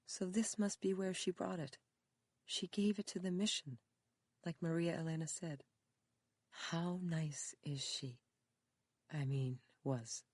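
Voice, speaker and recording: A narrator voicing a kind older aunt who is grieving, speaking softly and wistfully, with the voice raised a little above the narration. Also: mid-range voice, steady tone, slow pace, long pauses, breathy edge, no room sound, pitched above the performer's own voice. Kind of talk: audiobook character reading.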